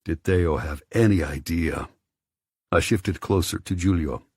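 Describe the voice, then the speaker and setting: A man narrating an audiobook in the first person with a measured, low-key delivery. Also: a little mellow, husky, dry recording, studio quality.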